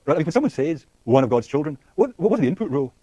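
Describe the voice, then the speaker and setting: A man lectures at high speed, with frequent fillers, restarts and questions to the class. His voice is dark and slightly husky. The recording is dry and close. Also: big pitch swings, dry recording, muffled recording. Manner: rapid, thinking aloud with frequent fillers and restarts; asks the class questions and laughs lightly. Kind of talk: university lecture.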